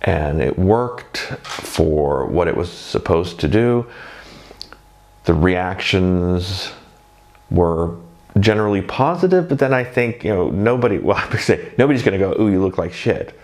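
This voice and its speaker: A man's voice: low-pitched, animated, unhurried, a little mellow. A man talking casually about his first night in drag, rambling and self-deprecating.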